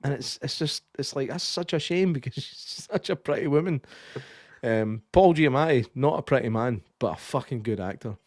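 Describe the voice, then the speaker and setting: A young Scottish man co-hosting a podcast, chatting casually about a film, sweary and animated, often slipping into impressions. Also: medium pitch, normal speed, no room sound, studio quality. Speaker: podcast co-host. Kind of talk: casual film review chat.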